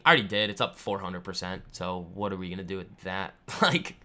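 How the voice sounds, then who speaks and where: Bright-voiced man chatting through trading. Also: fairly low pitch. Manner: chatty and boastful, lots of fillers. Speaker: trading livestream host. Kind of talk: casual live market commentary, answering chat. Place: home room.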